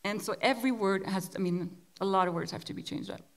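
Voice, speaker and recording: A woman from Belgium, a musician, giving a relaxed conversational lecture and often repeating words as she searches for the next thought. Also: medium pitch, quick pace, creaky.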